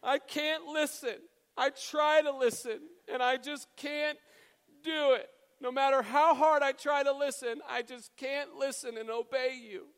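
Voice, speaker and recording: A man's voice: fairly even intonation, unhurried, a bit bright, exaggerated voice. A man doing a tearful little girl. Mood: tearful pleading. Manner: pleading, higher-pitched childlike voice. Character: tearful little girl pleading with her dad. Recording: long hall reverb.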